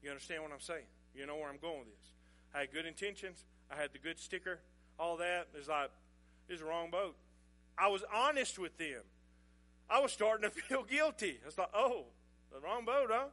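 Middle-aged man, pastor telling a sermon story, chatty, chuckling, bright tone. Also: fairly high pitch, expressive, fairly quick. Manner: folksy, chuckling, conversational.

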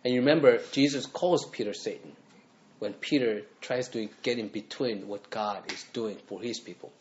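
A man's voice: on the low side, normal speed, a little mellow, dull audio, slight background noise. A male pastor preaching a sermon, earnest, pressing his listeners with repeated questions.

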